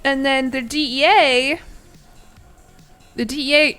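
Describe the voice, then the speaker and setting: A fairly high-voiced woman streaming a game and chatting easily with her viewers. She muses out loud and answers chat on the fly, with giggly asides. Soft game music sits faintly underneath. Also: fairly even intonation, slow pace.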